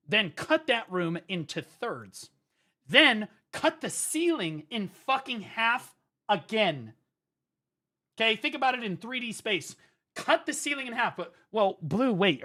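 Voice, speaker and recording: Give me an American male streamer telling a rambling, profane story in a bright, tense voice. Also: high voice. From United States. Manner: animated, swearing, storytelling. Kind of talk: profane comedic rant on stream.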